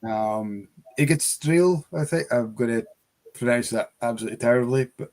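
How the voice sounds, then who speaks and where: A man's voice: mid-range voice, flat delivery, a little fast, a little mellow. A man with a Scottish accent, co-hosting a casual chat about whisky for a shop, friendly and laughing easily.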